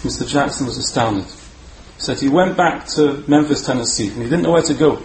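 A man's voice: mid-range voice, moderate pace. Man telling a sermon story in a roomy hall. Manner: animated, repeats words for emphasis. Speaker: Torah speaker. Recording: roomy echo, faint background hum.

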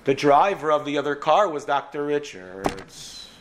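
An animated American man telling a moral story to a room of students, swinging into the voices of his characters. His voice sits fairly high, with faint noise behind him. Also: measured pace. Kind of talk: storytelling talk.

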